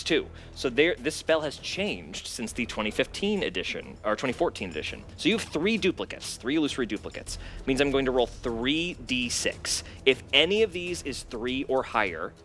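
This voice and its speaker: Man, game master, playful narration, rule explanations, bright voice, faint music. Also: mid-range voice. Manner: playful, laughing often, explains rules.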